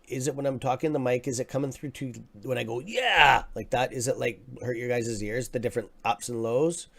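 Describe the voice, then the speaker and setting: A man hosting a casual live stock market stream from his desk mic, excitable and quick to react, muttering and apologizing now and then. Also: medium pitch. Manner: excitable, swears under his breath, apologetic. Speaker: livestream host. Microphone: desk microphone.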